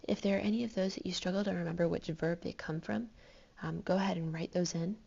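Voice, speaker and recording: Low gravelly woman teaching a lesson. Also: fairly even intonation, fast talker, a little mellow, muffled recording. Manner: patient, explanatory, counts syllables aloud. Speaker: Spanish teacher. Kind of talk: recorded classroom lesson.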